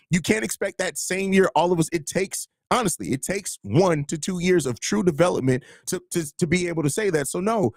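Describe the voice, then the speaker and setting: Fairly high-voiced man hosting a live show. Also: dry recording, clean studio sound. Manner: reads and answers chat comments, argues points with restarts. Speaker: host of a live sports show. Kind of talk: casual live-stream commentary.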